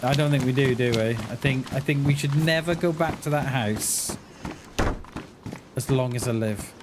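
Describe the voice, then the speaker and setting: Over background noise, a man with a mid-range voice talks at a moderate pace. He's gaming on a livestream, joking around playfully with his chat.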